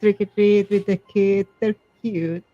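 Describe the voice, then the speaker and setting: A woman's voice: mid-range voice, steady tone, measured pace, no echo, lo-fi sound, faint music behind. A woman hosting a live call-in show, chatting and giggling with guests. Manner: giggly, warm-hearted chatter. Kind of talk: casual chat.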